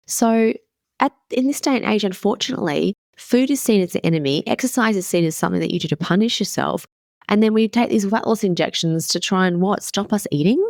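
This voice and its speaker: A woman's voice: medium pitch, vocal fry, a little mellow, no echo, clean studio sound. A woman in her thirties hosting a casual motivational podcast as a wellness coach, candid and emphatic, swearing casually.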